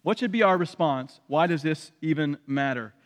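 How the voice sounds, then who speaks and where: High-voiced preacher in an echoing hall. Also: male voice, normal speed. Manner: emphatic, repeats key phrases, rising to loud peaks. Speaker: pastor. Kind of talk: sermon. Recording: long hall reverb.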